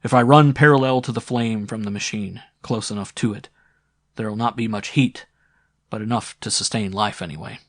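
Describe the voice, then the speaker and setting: A man's voice: fairly low pitch, steady tone, moderate pace. A man voicing an earnest, determined young man in an audiobook. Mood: calm.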